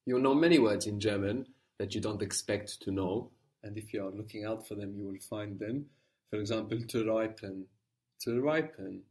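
A man's voice: fairly low pitch, moderate pace, a little mellow. A man teaching a language lesson, explaining patiently and encouraging his student.

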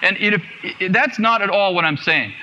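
A man's voice: sits high, fairly quick, pushed and bright, highs cut off, slight background noise. A man preaching a sermon to a congregation, earnest and repeating phrases for emphasis. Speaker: guest preacher.

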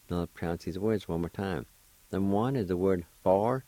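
Low-voiced male radio language teacher from Oklahoma, slow and patient, encouraging, dry close sound. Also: no echo, rough recording. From Oklahoma, United States. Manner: patient, encouraging, gently joking. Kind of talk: slow spelling and pronunciation lesson.

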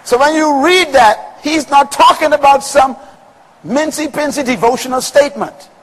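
A man preaching a sermon to a congregation with call-and-response and rhythmic, shouted peaks. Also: very high voice, moderate pace. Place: large room with congregation. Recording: long reverb of a large hall.

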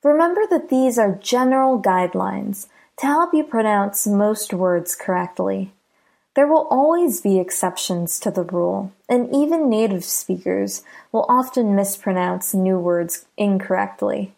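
A woman with an American accent teaching a pronunciation lesson, saying each example word three times with clear stress. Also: mid-range voice, lively intonation, unhurried, darkish tone.

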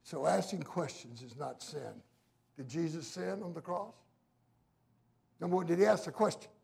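Gravelly, emphatic male preacher. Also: on the high side, normal speed. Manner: emphatic preaching, swinging from quiet to loud. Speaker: pastor. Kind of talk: sermon.

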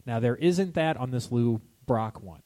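A man's voice: medium pitch, lively intonation, a little slow, warm tone. A young man co-hosting a podcast in casual chat, rambling with many restarts and frequent laughs. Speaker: podcast co-host.

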